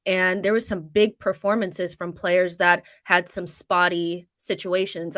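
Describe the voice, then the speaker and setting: A woman's voice: lowish voice, a bit bright. Candid woman giving a match reaction. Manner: candid, talkative, frank. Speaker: football pundit on a fan panel.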